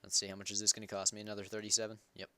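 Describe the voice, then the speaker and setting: A man's voice: lowish voice, monotone, racing, pushed and bright. A young man hosting a game server, giving casual gameplay commentary in a rambling, self-correcting way. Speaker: Minecraft server host.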